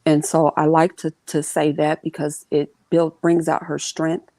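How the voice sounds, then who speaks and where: A woman telling an emotional family story as an interview guest, earnest and halting, sometimes acting out what others said. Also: low voice, little pitch movement, warm tone, dry recording, poor audio.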